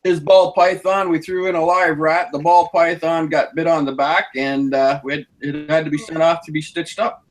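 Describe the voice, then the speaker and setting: A Canadian man rambles through a story on a group chat, stopping and restarting often. His voice sits a bit high for a man. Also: flat delivery, low-quality recording. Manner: rambling, halting, full of fillers.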